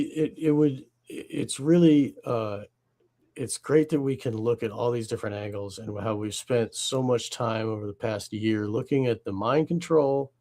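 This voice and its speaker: A man co-hosting a casual podcast, reflecting slowly and stumbling through hesitations before landing his point. His voice is gravelly at a middle pitch. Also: dark tone. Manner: halting, reflective, many hesitations. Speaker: podcast co-host.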